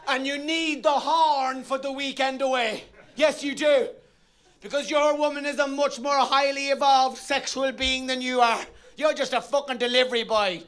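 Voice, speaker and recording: A man's voice: very high-pitched, a bit bright. A middle-aged Irish man doing a bawdy stand-up routine on a theatre stage, telling rowdy stories and bellowing his punchlines. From Ireland. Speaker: stand-up comedian.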